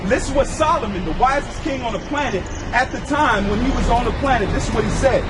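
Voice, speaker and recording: A man with a strikingly high voice preaches on a street, loud and insistent, reading scripture with heavy emphasis. Traffic and crowd noise roar around him outdoors. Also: fairly quick, hardly any pauses.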